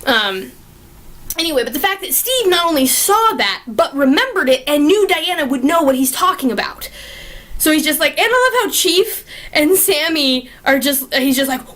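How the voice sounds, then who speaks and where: A young woman with a bright, high voice chats casually about a film she loves. Her talk is excitable and gushing, peppered with swearing and constant fillers as she rambles from one favorite moment to the next. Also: moderate pace. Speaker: movie reviewer. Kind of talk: casual chat.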